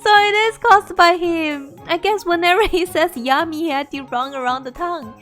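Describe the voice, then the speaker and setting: A woman's voice: very high voice, moderate pace, a bit bright, faint music behind. A young woman hosting a game video, commenting on a playthrough in a bubbly way and often laughing.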